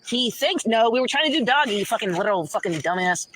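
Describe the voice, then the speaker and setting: A woman's voice: fairly high pitch, expressive, fast, slight background noise. A woman ranting and rambling profanely in casual livestream talk. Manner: profane, rambling, swings between muttering and shouting.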